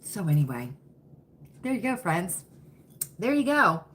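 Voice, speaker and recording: A woman's voice: medium pitch, sing-song, a little slow, very noisy. A woman hosting a live stream, chatting folksily with viewers and answering their comments by name. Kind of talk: casual chat with live viewers.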